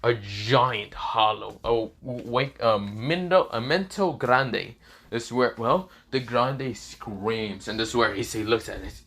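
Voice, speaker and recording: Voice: mid-range voice, unhurried, a bit bright. A casual, rambling narrator who retells a fan-fiction story off the cuff. The delivery leans on fillers and restarts and often stops to correct itself.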